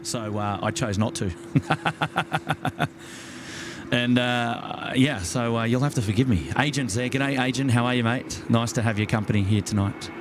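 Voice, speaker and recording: A man's voice: mid-range voice, measured pace, background noise. An Australian man hosting a live stream outdoors at night by the water, chatting casually and greeting viewers by name with plenty of fillers.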